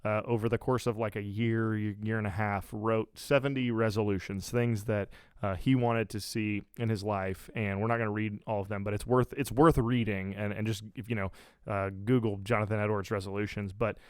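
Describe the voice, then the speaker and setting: Low smooth-voiced man hosting a podcast. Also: steady tone, moderate pace, darkish tone, no echo, clean studio sound. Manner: rambling, many fillers and restarts. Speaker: podcast host. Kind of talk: casual podcast chat.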